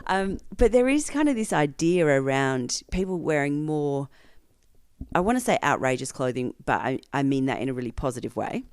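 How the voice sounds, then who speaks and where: A woman hosting a podcast, asking thoughtful questions and giving many soft affirmations in a casual interview. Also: rumbling low, animated, fast, clean tone, no room sound. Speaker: podcast host.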